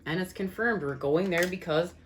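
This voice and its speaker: There's a little hiss or hum under this woman's fairly low voice as she reads tarot and astrology in an excited, channeled style. Talking directly to "guys" watching, she repeats phrases and quickly says things over again in new words.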